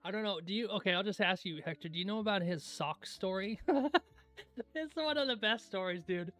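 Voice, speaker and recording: Relaxed high-voiced man chatting on a stream. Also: fairly quick, faint music behind. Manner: laid-back, drifts into storytelling, clears throat often. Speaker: livestream host. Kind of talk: casual chat.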